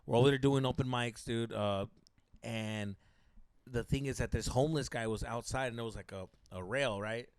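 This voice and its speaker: A young man hosting a podcast, telling stories in a profane, animated way, acting out voices and mixing in Spanish slang. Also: medium pitch, normal speed, clear, resonant tone, no echo. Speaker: podcast co-host. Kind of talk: casual storytelling chat.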